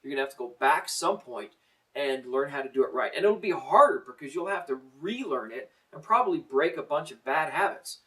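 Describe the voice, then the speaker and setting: A man's voice: fairly high pitch, animated, brisk, bright, forceful tone, distant mic, poor audio. A middle-aged man teaching a drum lesson, counting in and coaching in a plain-spoken, encouraging way.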